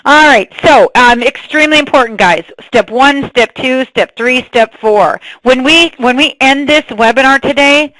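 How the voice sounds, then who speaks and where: A woman giving a sales training webinar, energetic and asking her audience questions, on a computer mic. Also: fairly high pitch, no room sound, low-quality recording.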